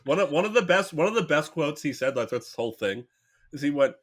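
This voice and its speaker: A man co-hosting a podcast, chiming in with dry, joking asides. His voice rises and falls in a lively way, and the talk is loose and casual. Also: on the high side, quick pace. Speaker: podcast co-host. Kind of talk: casual chat.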